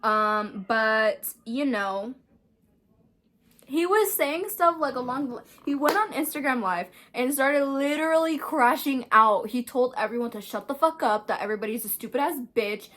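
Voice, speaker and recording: A woman hosting a casual news commentary video, chatty and animated, with laughing asides and the odd swear. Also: high voice, normal speed, a little hiss or hum. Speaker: host.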